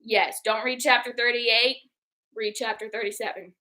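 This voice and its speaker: A woman's voice: fairly high pitch, moderate pace. A young woman co-hosting a book club livestream, chatting casually and acting out quotes as she tells stories. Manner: animated storyteller who acts out quotes.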